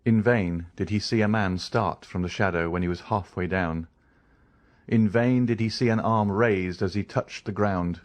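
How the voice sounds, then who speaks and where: A man narrating a classic novel as an audiobook in even, measured storytelling. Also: fairly low pitch.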